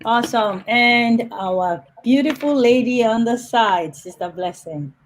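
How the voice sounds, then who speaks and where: A woman's voice: fairly high pitch, unhurried, slight background noise, low-quality recording. A woman hosting a live online panel over a video call, chatty and upbeat. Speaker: host.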